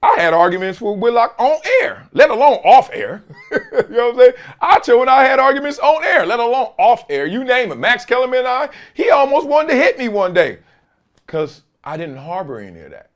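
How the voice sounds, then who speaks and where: A man's voice: very high voice, very animated, fairly quick. A middle-aged man hosting a sports talk show, giving emphatic solo commentary full of slang and laughter.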